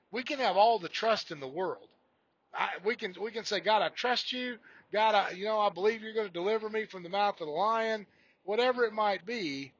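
A man's voice: high-pitched, pushed and bright, husky, no echo, muffled recording. A man giving an informal devotional sermon on a podcast, telling folksy stories and often restarting his phrases. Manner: folksy storytelling with frequent restarts. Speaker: podcast preacher.

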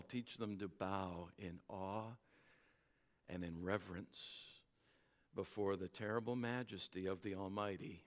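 A male pastor preaching a sermon, earnest and exhorting, dropping to a hush on weighty words. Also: lowish voice.

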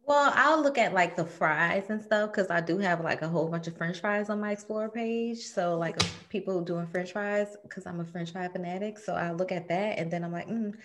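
A woman's voice: lowish voice, moderate pace, few pauses, a bit bright, slight background noise. A woman co-hosting a casual chat, playful and laughing often. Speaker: podcast co-host.

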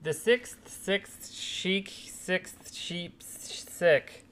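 A woman's voice: on the low side, extremely slow. A woman co-hosting a podcast, chatting casually in an upbeat, encouraging way. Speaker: podcast co-host. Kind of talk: casual chat.

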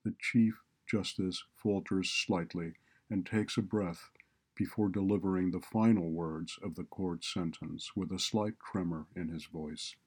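A man reading a story aloud in a deliberate, descriptive narration style. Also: low-pitched, fairly even intonation, darkish tone, slightly rough.

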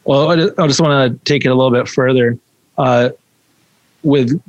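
A man hosting a conversational interview, probing and animated when he makes a point. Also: mid-range voice, moderate pace, no room sound, low-quality recording.

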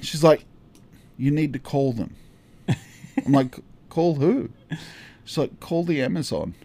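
A man's voice: on the high side, unhurried, pauses often. A man in his thirties, a podcast co-host telling a story in casual chat, acting out the dialogue with laughs. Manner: animated, acts out dialogue with laughs.

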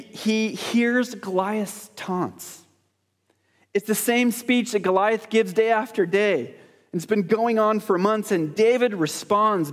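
A man preaching a sermon as pastor, talking in a conversational, joking way and putting questions to the congregation. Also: high voice. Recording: long hall reverb.

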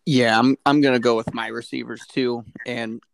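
A man co-hosting a podcast in casual chat, thinking out loud with pauses and hedges as he weighs his picks. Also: mid-range voice, little pitch movement, gravelly. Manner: thoughtful, hedging, reasons out loud with fillers. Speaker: fantasy league podcast co-host.

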